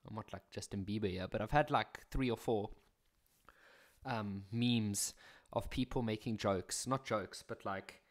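A man's voice: fairly low pitch, a little slow. A young man with a South African accent walks through maths exam questions in a casual teaching voice. He keeps it chatty and breaks in with jokes at his own expense. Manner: chatty, jokey, self-mocking asides.

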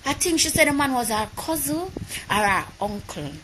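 A Jamaican woman tells a heated, profane story to her viewers in a live video. Her voice is bright and forceful and sits a little high. A faint hum of room noise sits behind her. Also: expressive, moderate pace. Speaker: vlogger.

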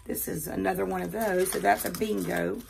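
Older woman, Southern accent, gravelly fry, chatty unboxing talk, faint background hiss, quiet bedroom. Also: medium pitch, steady tone. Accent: Southern American. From American South. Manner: chatty, fast-talking, repeats words. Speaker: jewelry unboxing vlogger. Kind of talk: casual chat while unboxing.

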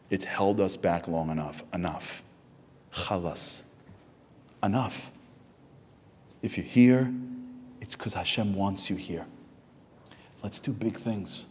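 Deep-voiced man preaching in a hall. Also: a little hiss or hum. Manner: storytelling, builds to loud animated peaks. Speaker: speaker at a Tisha B'Av program. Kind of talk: inspirational sermon. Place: synagogue hall.

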